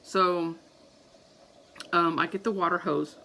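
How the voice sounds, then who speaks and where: Woman in her 30s vlogging a wild story, acts out her panic, bit of gravel in her voice, faint room hum behind. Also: on the low side, slow, low-quality recording. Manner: animated, acts out her own panicked reactions. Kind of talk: casual storytelling to camera.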